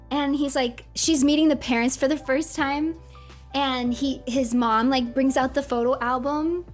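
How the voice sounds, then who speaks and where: A woman streamer chatting casually, telling a story in a giggly, animated way, with faint music behind. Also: high-pitched. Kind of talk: casual chat.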